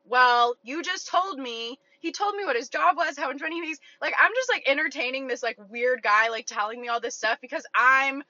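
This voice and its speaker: Blunt, bright-voiced young woman. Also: high voice, fast talker, hardly any pauses, no echo. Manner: blunt, profane, filler-heavy. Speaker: online content creator. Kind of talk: casual storytelling. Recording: dull lo-fi recording.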